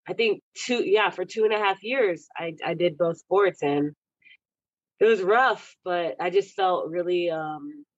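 A woman's voice: lowish voice, dry recording, muffled recording. A young woman from Texas, a guest chatting casually in an interview, laughing often between stories. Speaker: athlete guest.

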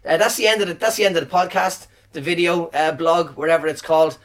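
A man's voice: fairly high pitch, fairly even intonation, quick pace, a bit bright, recorded from a distance. A man telling a rambling, profane, self-deprecating story as a podcast host, recorded on a phone camera. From Ireland. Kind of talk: casual storytelling monologue.

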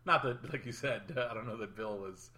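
A man co-hosting a casual podcast chat, brisk and steering the talk between topics. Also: mid-range voice, bright, forceful tone. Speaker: podcast co-host.

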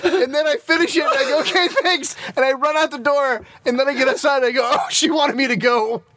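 A man's voice: very high voice, fast talker. A man telling a comedic story in casual podcast banter, swearing and acting out the voices in it. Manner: animated storytelling, swearing, acting out his own voice.

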